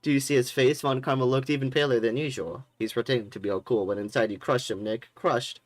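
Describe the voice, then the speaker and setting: A man voicing a bubbly young female sidekick who talks in an excited, chirpy way. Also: medium pitch, fast, dry recording, voice pushed up, lightly acted.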